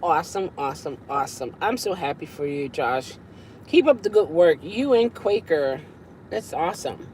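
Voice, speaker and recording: A woman hosting a casual live-stream chat from her parked car at night, with an animated, friendly way of talking. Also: sits low, normal speed, slight background noise, rough recording. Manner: lively, greets viewers warmly with laughs. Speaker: livestream host chatting with viewers.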